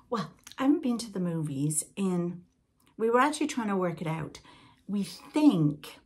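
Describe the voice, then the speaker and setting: A woman's voice: fairly low pitch, a little mellow, breathy edge. An older woman from Britain hosting a podcast in a casual, rambling chat with asides to the listener. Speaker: podcast host.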